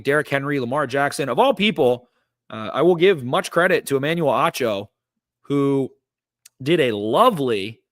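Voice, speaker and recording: A man's voice: medium pitch, no echo, clean studio sound. A man hosting a podcast, casually breaking down a football game play by play with lots of fillers. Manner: energetic, recaps plays with lots of fillers. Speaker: podcast host. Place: studio.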